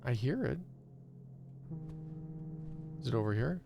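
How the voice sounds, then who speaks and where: A man's voice: medium pitch, lively intonation, slow pace, creaky, over music. A man streaming a horror game live, chatting and mocking the player character with casual swearing. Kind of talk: live gameplay commentary.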